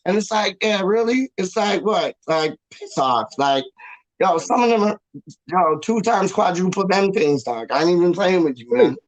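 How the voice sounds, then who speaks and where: A young man rambles through a casual chat as co-host. He is full of fillers and street slang. His voice is high. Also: lively intonation, normal speed, low-quality recording.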